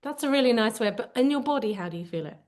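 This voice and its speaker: A woman's voice: fairly high pitch, expressive, fast, darkish tone. A woman co-hosting a conversational podcast, speaking candidly and reflectively as she searches for the right words. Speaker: podcast co-host.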